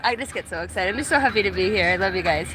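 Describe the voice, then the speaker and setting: A woman's voice: medium pitch, animated, racing, rough recording. A woman hosting a casual morning livestream outdoors by a truck, chatting loosely and with profanity while she greets viewers by name. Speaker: livestream host. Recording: music playing in the background.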